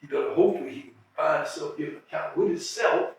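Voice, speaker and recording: A man's voice: fairly high pitch, fast, far from the mic. An older man being interviewed, telling stories earnestly and restarting his phrases as he goes. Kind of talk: reflective storytelling. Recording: very echoey room, off-mic.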